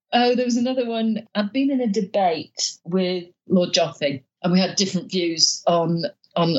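A woman's voice: medium pitch, muffled recording. A woman being interviewed as a member of the upper chamber, telling stories chattily with many restarts. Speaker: guest peer. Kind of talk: conversational interview.

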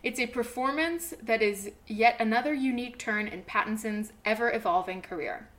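A young woman co-hosting a casual podcast chat, reading an article aloud in a loud, animated way that breaks off into asides. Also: a little high, moderate pace. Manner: loud and animated, laughing, trailing off. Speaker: podcast co-host.

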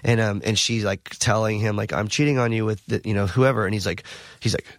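A man's voice: fairly low pitch, steady tone, fairly quick, no room sound, studio quality. A man telling a long story in casual chat, rambling with many fillers and acting out quotes. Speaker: guest.

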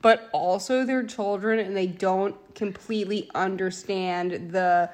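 Blunt woman co-hosting, mid pitch. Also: fairly even intonation, a little slow, a little mellow. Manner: blunt, swearing, laughs often. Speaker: podcast co-host. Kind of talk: casual movie review chat.

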